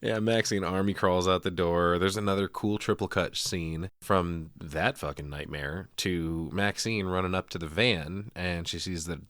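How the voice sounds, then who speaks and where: A man's voice: deep voice, fairly even intonation, unhurried, hardly any pauses, fairly bright tone, no echo, studio quality. A man co-hosting a podcast, casually recapping a horror movie scene by scene with profane jokes and laughter. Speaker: podcast co-host. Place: podcast studio.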